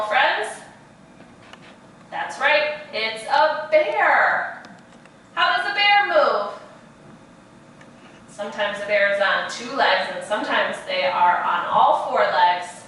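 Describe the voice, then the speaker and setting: Slow, bright-voiced woman teaching little kids. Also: high voice, recorded from a distance, a little hiss or hum. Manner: slow, sing-song, encouraging teacher talk. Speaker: preschool teacher. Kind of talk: virtual class for young children. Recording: echoey room, voice off-mic.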